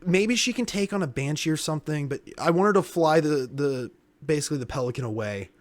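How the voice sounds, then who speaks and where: A young man co-hosting a casual podcast chat, excitable and swearing freely as he pitches story ideas and acts out scenes. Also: fast talker. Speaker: podcast co-host.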